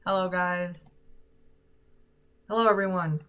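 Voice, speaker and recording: A woman's voice: fairly low pitch, steady tone, slow pace, a bit bright, clear, resonant tone. A woman with an American accent hosting a casual livestream Q&A from her room at home, chatty and self-deprecating, speaking into a sock-covered microphone. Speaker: singer and livestream host.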